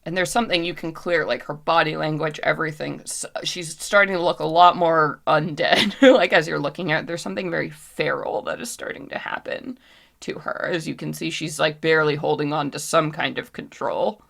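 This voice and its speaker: A woman's voice: low-pitched, steady tone, fairly quick, creaky, fairly bright tone. A woman narrating as game master of a tabletop role-playing game, with vivid, casual descriptions full of fillers.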